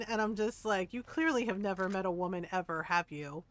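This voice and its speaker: A woman's voice: medium pitch, normal speed, few pauses, dry recording. Laughing, chatty woman streamer, dry sound. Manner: chatty, laughs often, acts out quotes. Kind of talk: casual chat while gaming.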